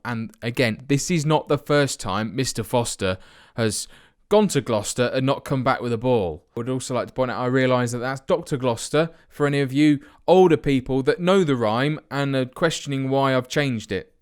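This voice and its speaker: A man's voice: mid-range voice, smooth. A young man hosting a football management let's play, with sarcastic, self-mocking commentary.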